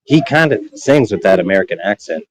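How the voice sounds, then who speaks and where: A man with a low voice chats casually as a guest on a stream. He talks in a relaxed, reflective way, pausing and hesitating as he thinks. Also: crowd noise, low-quality recording. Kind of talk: casual chat.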